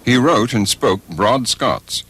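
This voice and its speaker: A man narrating a documentary in a measured, scripted way. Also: mid-range voice, expressive, a bit bright, breathy edge.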